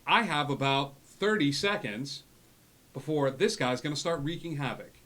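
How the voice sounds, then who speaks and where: A man's voice: fairly high pitch, animated, normal speed, fairly bright tone. A man voicing a reckless male barkeep who talks in a wry, brash way.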